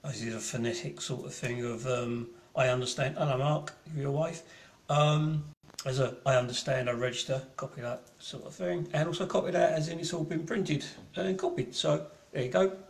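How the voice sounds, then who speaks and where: A gravelly, mid-range male voice, fairly even and moderately paced, rings out with reverb. He's a broad Cockney hosting an online gallery private view, chatting casually in a live-streamed talk full of ums, restarts and cheerful cursing.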